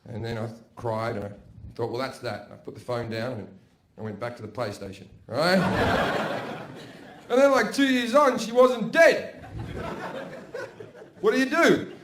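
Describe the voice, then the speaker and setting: A man's voice: a little slow, pauses often, slight background noise. Brash Australian man doing stand-up. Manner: brash, profane, swings between loud bursts and low mutters. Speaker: stand-up comedian. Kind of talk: stand-up comedy. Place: theater with a balcony, live audience. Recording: roomy live stage recording with audience laughter.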